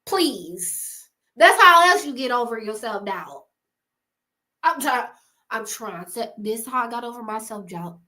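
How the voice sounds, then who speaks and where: A woman talks straight to her viewers in a loose, motivational vlog. Her voice sits a little high and rings bright and forward. She keeps it animated and conversational, laughing easily and calling the audience y'all. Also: measured pace. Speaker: YouTuber giving creator advice. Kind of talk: casual motivational talk to camera.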